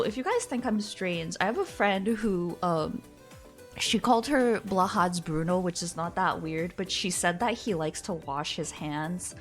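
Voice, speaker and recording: A young woman with a Canadian accent chats casually on a stream, telling stories in a giggly, animated way. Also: lowish voice, unhurried, soft background music. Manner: giggly, chatty, animated storytelling. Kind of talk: casual chat.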